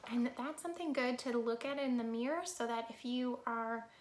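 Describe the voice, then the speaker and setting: A woman reading a picture book aloud to children as a storyteller, lively and talking straight to her young listeners, sometimes dropping into a soft whisper. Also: on the high side, normal speed, reverberant, a little hiss or hum. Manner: animated, talks straight to children, drops to soft whispers for asides.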